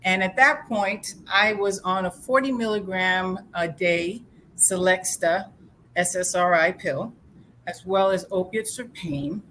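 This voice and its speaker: A woman's voice: fairly low pitch, unhurried, fairly bright tone, a little hiss or hum, rough recording. An American woman giving a public lecture, earnest and personal as she mixes facts with her own story. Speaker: lecture speaker. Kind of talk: public talk.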